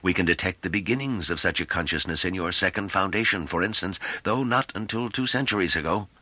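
A man voicing a calm, wise older man who speaks in a slow, measured, almost hypnotic way. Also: sits low, slightly rough, no room sound, full character voice. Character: calm, wise elderly man, patient teacher.

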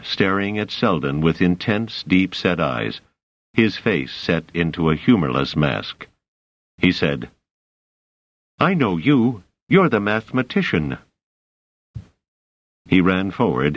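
A man reading an audiobook as narrator, telling the story in a measured, even way. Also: low-pitched, no room sound, lo-fi sound. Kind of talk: scripted narration.

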